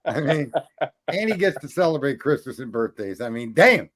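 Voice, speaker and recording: A man's voice: medium pitch, very animated, normal speed, a bit bright. A man co-hosting a casual political chat, rambling, swearing often and restarting his sentences. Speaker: podcast co-host.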